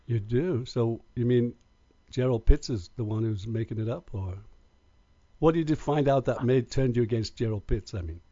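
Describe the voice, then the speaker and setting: A man's voice: medium pitch, moderate pace, no room sound. A man hosting a radio show, chatting and joking with callers in an easygoing way. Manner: joking, relaxed banter. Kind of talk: casual radio chat. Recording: dull lo-fi radio audio.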